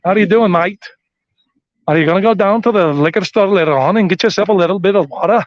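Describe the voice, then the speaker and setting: A man's voice: sits high, fast, no room sound, muffled recording, voice pushed up, close to an everyday voice. A man putting on a mock Irish accent, playing a chummy man greeting a friend. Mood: jaunty.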